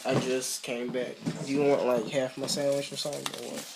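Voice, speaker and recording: A man's voice: medium pitch, level tone, fairly quick, vocal fry. A man talking casually and offhandedly from off to the side. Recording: off-mic with loud background noise.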